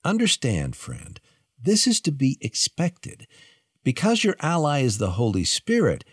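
A man with a husky voice introducing a radio program in a conversational tone, speaking directly to the listener. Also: mid-range voice, dry recording. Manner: conversational, friendly address to the listener. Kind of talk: scripted broadcast introduction. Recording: dry studio voice over soft music.

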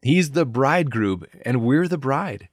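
A man hosting a podcast, giving an earnest, measured devotional teaching. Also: mid-range voice, lively intonation, no room sound, clean studio sound. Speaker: podcast host and Bible teacher.

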